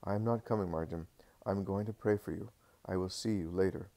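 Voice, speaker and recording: A man's voice: sits low, vocal fry, mellow. Jesus, a man reading as a grave teacher. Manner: grave, measured. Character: Jesus, grave and calm adult male teacher.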